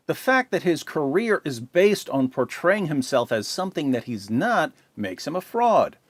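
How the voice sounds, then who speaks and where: Middle-aged male host, sarcastic and combative, lively pitch, dry close sound. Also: dry recording. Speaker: channel host. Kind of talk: commentary reading viewer comments.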